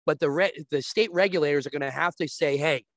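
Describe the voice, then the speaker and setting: A man's voice: on the high side, fast talker, dry recording. A man as a guest, explaining sports betting in casual chat with long, restarting sentences.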